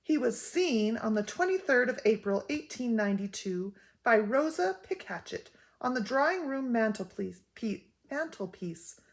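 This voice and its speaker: A woman's voice: fairly high pitch, very animated, moderate pace, hardly any pauses, voice pushed up. An older woman voicing an anxious, fussy mother who tells gossip with emphatic exclaims, in a storybook reading. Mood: scolding.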